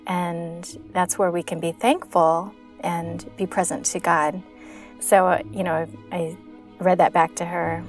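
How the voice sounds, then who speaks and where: Woman host, lively storyteller, laughs easily, faint music underneath. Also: lowish voice, measured pace. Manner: animated storyteller, laughs often, acts out her child's voice. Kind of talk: casual conversation.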